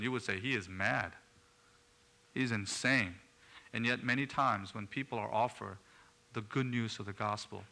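A man's voice: fairly low pitch, vocal fry, bright, forceful tone. A man preaching a sermon in an earnest way, rising to emphatic bursts.

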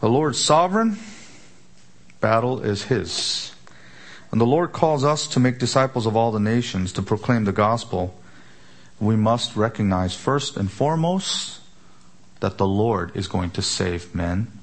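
Preacher, male, lowish voice, emphatic expository delivery with rhetorical questions. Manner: emphatic, rhetorical questions, slows for key words. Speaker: pastor. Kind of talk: expository sermon.

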